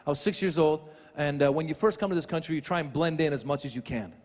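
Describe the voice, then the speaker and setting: A man's voice: fairly high pitch, fast talker, darkish tone. A man doing a stand-up set, chatty and repeating his punchlines for the crowd. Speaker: stand-up comedian. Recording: big hall reverb, crowd and noise.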